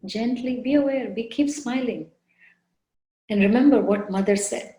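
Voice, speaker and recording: A woman spiritual teacher giving a devotional talk with guided meditation, soft, unhurried and gently coaxing, often repeating her phrases. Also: a little high, reverberant, rough recording. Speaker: spiritual teacher leading a satsang. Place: indoor room.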